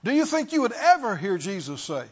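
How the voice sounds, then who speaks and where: A man's voice: sits high, sing-song, fairly quick, slightly rough. A male preacher giving an emphatic sermon and throwing rhetorical questions at his congregation, in a dull lo-fi recording.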